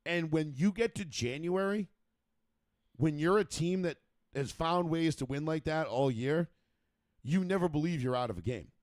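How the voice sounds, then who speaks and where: A man co-hosting a casual sports talk show, rambling and profane, restarting sentences and getting animated as he makes a point. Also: medium pitch, dry recording. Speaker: podcast co-host.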